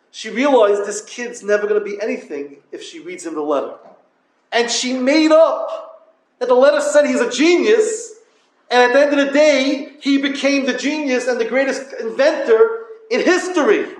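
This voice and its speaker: High-pitched man giving a yeshiva talk. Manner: storytelling, addresses listeners directly; Yiddish-inflected yeshivish English. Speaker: yeshiva lecturer. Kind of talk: Torah talk to yeshiva students. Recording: echoey room.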